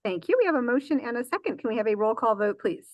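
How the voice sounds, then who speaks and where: A woman's voice: a little high, expressive, fast, no echo. A woman presiding over a public school board meeting, running motions and votes with frequent fillers and self-corrections.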